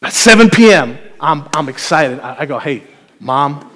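A man preaching a sermon as pastor, telling a story with playful, animated asides to the congregation. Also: a little high, normal speed. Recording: long hall reverb.

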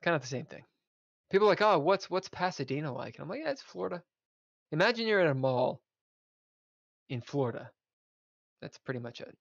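A man's voice: a little high, animated, fairly quick, pauses often, dry recording. A man, a podcast guest, telling a casual road-trip story with swearing and laughter. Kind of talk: casual chat. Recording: dull lo-fi audio.

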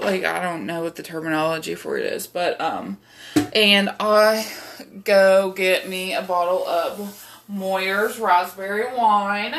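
A woman's voice: medium pitch, fairly bright tone, slight background noise. A young woman host telling a rambling, profane personal story, with lots of fillers. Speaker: podcast host. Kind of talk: casual storytelling.

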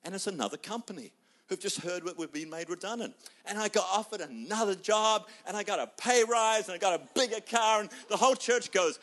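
Kiwi pastor guy preaching, slightly high voice, acts out the characters, goes loud then really quiet. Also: expressive, fairly quick. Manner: storytelling, acting out people's voices, swinging from loud to hushed. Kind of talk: sermon.

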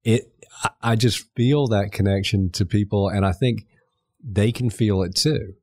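A middle-aged man from Canada, a former mayor, talking earnestly as a podcast guest, halting and restarting his sentences. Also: lowish voice, a little mellow, dry recording, clean studio sound. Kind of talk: conversational interview.

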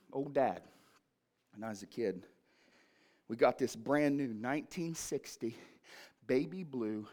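A male pastor preaching in church, moving from shouted fervor to quiet, low storytelling. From Ohio, USA. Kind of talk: sermon. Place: church sanctuary.

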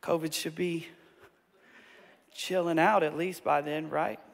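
A man in his forties preaching a sermon from a stage, telling stories in an animated, emphatic and self-deprecating way. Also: on the high side, slow, gravelly. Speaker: pastor. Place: stage in a large hall. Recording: reverberant hall.

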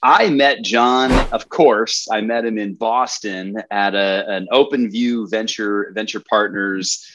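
Halting low-voiced male host. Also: a bit bright, slight background noise. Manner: halting, many fillers. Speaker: podcast host. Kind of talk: casual podcast chat.

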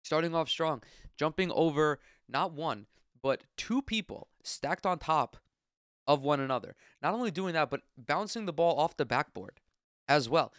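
A man's voice: mid-range voice, a bit bright, smooth, no echo, clean studio sound. A congested man hosting a solo sports podcast, ranting bluntly and profanely in casual talk. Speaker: podcast host.

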